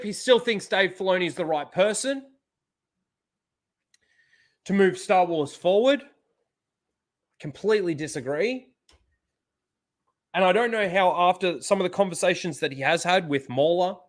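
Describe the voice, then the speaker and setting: A male livestream host talks in a slightly high voice, loose and rambling. He is blunt and swears casually as he chats with his viewers. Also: fairly bright tone.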